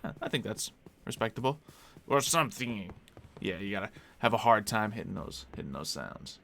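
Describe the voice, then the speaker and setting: A man's voice: lowish voice, very animated, normal speed, vocal fry, a bit bright, a little hiss or hum. A man streaming a game live, chatting casually and answering viewers as he plays. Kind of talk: casual live-stream chat while gaming.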